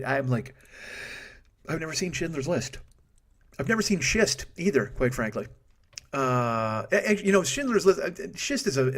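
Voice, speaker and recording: A man in his forties rattles through a comedy podcast monologue at a quick clip, his voice sitting a little high. He swears freely, breaks off mid-sentence and chuckles at his own jokes. He is recorded close on a studio microphone at home. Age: 40s. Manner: profane, self-interrupting, laughs at own jokes.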